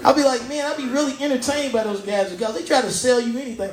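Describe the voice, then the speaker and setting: A man's voice: very high-pitched, fast talker, roomy sound. A man performing a stand-up comedy set on a pub stage, chatting with the crowd and laughing at his own jokes.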